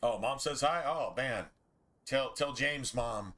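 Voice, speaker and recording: A man's voice: medium pitch, takes it slowly, fairly bright tone. A man streaming a video game, chatting in a rambling, laid-back and profane way. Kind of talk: casual gameplay commentary.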